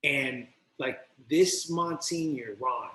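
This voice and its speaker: A man's voice: medium pitch, slow pace, sharp tone. A man from New Jersey telling his recovery story as a podcast guest. He tells it with animation and acts out both sides of the dialogue. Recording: roomy echo.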